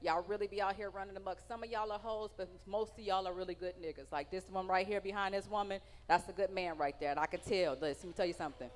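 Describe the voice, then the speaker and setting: A woman's voice: mid-range voice, fairly even intonation, quick pace, hardly any pauses. A woman doing a stand-up comedy set on stage, brash and profane, teasing people in the audience. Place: comedy stage in a large hall. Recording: live venue with long hall reverb.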